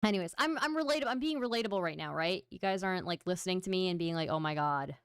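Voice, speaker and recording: A woman's voice: mid-range voice, very fast, clear, resonant tone, dry recording, clean studio sound. A woman hosting a livestream, chatting casually and playfully with her viewers in a self-mocking way. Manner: playful, self-mocking, talks straight to chat. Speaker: livestream host. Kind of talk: casual stream chat to viewers.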